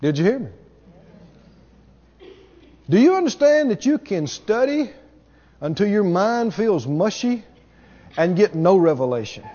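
A man's voice: high voice, very animated, unhurried, long pauses, warm tone, in a large hall, lo-fi sound. A man preaching a sermon to a congregation, asking them questions as he goes. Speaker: pastor.

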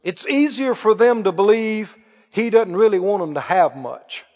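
High-voiced man preaching in an echoing hall. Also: expressive, normal speed, a little mellow. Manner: folksy, joking, mimics critics with mock wails. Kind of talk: sermon. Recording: reverberant hall, dull lo-fi sound.

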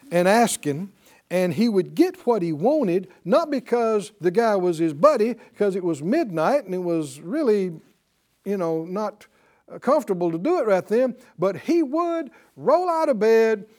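Man preacher, high voice, wide swings, punchy exhorting class teacher. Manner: animated, punchy call-and-response preaching. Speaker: Bible teacher. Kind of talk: exhortational sermon-style class.

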